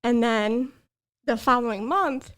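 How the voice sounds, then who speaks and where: A woman's voice: a little high, slow pace. Earnest woman sharing a personal story. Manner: earnest, emotional, tearful at times. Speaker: podcast guest.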